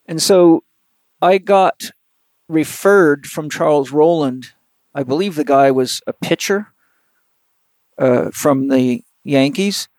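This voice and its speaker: A man who works as a physical therapist telling a long, animated anecdote in an interview, rambling with lots of fillers. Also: a little high, slow, long pauses, dry recording. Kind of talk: storytelling in an interview.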